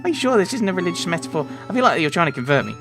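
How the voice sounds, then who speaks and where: A man's voice: sits high, big pitch swings, racing, music in the background, pitched above the performer's own voice. A man voicing a polite young male lawyer who speaks formally and courteously. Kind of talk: voicing game characters in a let's play.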